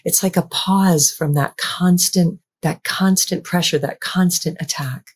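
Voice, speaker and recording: A woman guest on an interview podcast, speaking in a gentle, affirming way and repeating phrases for emphasis. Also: fairly low pitch, unhurried, husky. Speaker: guest author.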